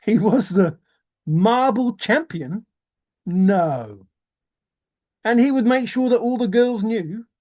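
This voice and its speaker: A man's voice: sits high, a little mellow. A man rambling in a teasing, giggly solo monologue, often laughing and repeating words. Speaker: treasure-hunt video maker.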